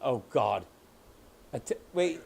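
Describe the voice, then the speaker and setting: A man's voice: mid-range voice, lively intonation, takes it slowly, creaky, darkish tone, breathy edge. A man hosting a podcast, chatting casually and retelling jokes with a laugh. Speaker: podcast host. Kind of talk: casual chat.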